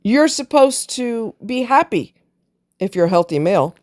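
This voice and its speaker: A woman with a slightly high, darkish voice talks at normal speed and is very animated. She's a relationship commentator giving a blunt, preachy monologue on relationships, tossing in casual swear words as she argues.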